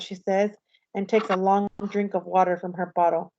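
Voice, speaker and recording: A woman's voice: mid-range voice, little pitch movement, normal speed, mellow, lo-fi sound. Woman teacher reading a story aloud.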